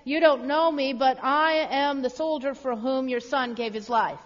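A humble young soldier speaks earnestly and modestly, read out by a woman. The voice sits high and carries in a long echo, with a dull sound. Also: unhurried. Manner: quiet, modest. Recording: echoey hall, dull sound.

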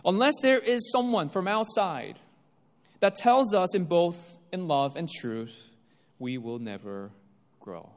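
Animated male preacher in a reverberant hall. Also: sits high, takes it slowly. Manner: emphatic, rises and drops for effect. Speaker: pastor. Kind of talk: sermon.

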